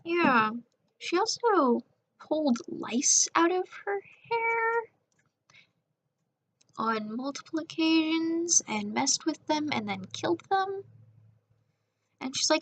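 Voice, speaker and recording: A young woman with a somewhat high voice tells a casual, rambling storytime over a speedpaint. She is sarcastic and keeps jumping into raised voices to quote people. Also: sing-song, slow, pauses often, a bit bright, slight background noise.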